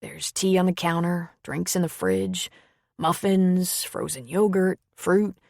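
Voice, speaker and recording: A woman's voice: lowish voice, very animated, takes it slowly, creaky, darkish tone, no room sound, studio quality, full character voice. A woman voicing a blunt, wry man in an audiobook, speaking in a plain, offhand way. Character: man who tends to others, blunt and wry.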